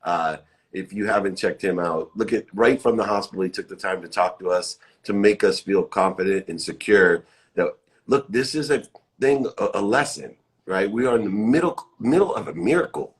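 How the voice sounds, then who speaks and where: A man's voice: on the low side, expressive, normal speed. A middle-aged man hosting a live motivational chat, effusive and upbeat, repeating uplifting phrases. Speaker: live show host. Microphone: phone or webcam live stream.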